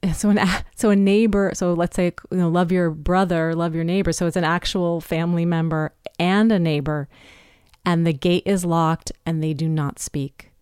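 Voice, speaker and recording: A woman's voice: lowish voice, fairly even intonation, normal speed, darkish tone, clear, resonant tone, dry recording, studio quality. A woman in her fifties hosting a solo podcast, talking in a chatty, candid, self-deprecating way. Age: 50s. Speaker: podcast host. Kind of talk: casual solo podcast talk.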